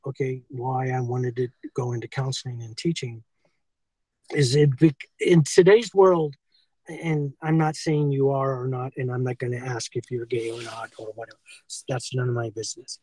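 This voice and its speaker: Older American man, husky voice, rambling, filler-heavy; dry handheld-phone sound. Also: mid-range voice, fairly even intonation, normal speed, dark tone, no room sound, low-quality recording. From United States. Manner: rambling, keeps saying "okay" and "and so forth". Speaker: former school teacher being confronted. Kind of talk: rambling confrontation talk. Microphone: filmed on a handheld phone.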